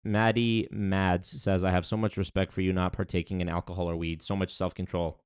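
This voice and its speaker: A man's voice: sits low, little pitch movement, fairly quick, clean tone, dry recording, studio quality. A young man chatting casually on a livestream, reading viewer comments aloud and rambling with many fillers and restarts. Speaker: streamer reading chat.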